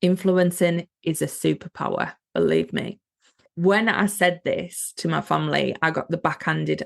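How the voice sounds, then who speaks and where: Woman, podcast host, business coach, motivational, somewhat low pitch, speaks straight to listeners. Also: very animated, moderate pace, creaky. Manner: earnest, motivational, addresses listeners directly. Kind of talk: solo podcast monologue.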